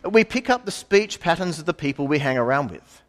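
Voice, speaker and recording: A middle-aged preacher gives a conversational sermon full of asides and rhetorical questions. His slightly high voice swings widely in pitch, and he speaks fairly quickly.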